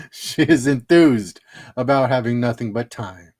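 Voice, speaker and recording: A man's voice: mid-range voice, a little mellow, slightly rough. A middle-aged man hosting a casual livestream, chatting and laughing at his own jokes while opening trading cards.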